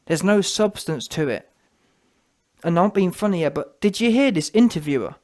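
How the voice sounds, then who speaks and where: High-voiced male vlog host; scornful, animated boxing rant. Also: normal speed. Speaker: boxing commentator. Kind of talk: ranting commentary vlog.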